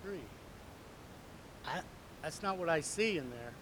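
A man, a pastor, telling a Bible story to children in a conversational, animated way, with hushed asides. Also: a little high, slow pace, noisy background.

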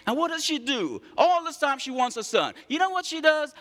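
A male preacher giving an animated sermon, calling on the congregation to respond and acting out stories. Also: extremely high pitch, normal speed. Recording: long hall reverb.

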